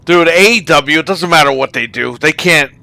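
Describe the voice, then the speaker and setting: A podcast host runs a casual online gaming chat, ranting about wrestling with heavy profanity. His fairly high voice is creaky, bright and forceful at a normal speed, with no room sound.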